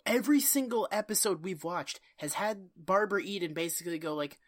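A woman's voice: medium pitch, a little fast. A woman co-hosting a casual podcast, emphatic and swearing for comic effect. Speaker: podcast co-host.

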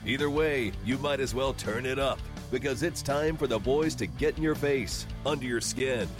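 A man's voice: mid-range voice, normal speed, over music. A man reading a punchy, brash scripted intro for a sports radio show. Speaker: show announcer.

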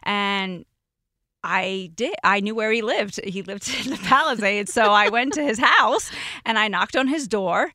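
A woman's voice: medium pitch, animated, unhurried, sharp tone, no room sound, clean studio sound. A middle-aged woman telling personal stories in casual chat, acting out the quotes with animation. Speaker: guest.

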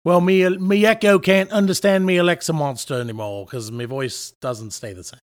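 A man playing a guest from the American South whose put-on British accent keeps slipping, his voice swinging between high and low. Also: fairly even intonation, normal speed, natural voice.

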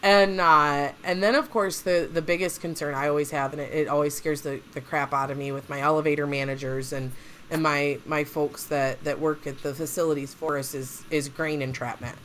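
A woman's voice: low-pitched, fairly even intonation, normal speed, a bit bright, slight background noise. A woman hosting a casual podcast chat, telling stories in a chatty way and often laughing. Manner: chatty storyteller, laughs often, acts out quotes.

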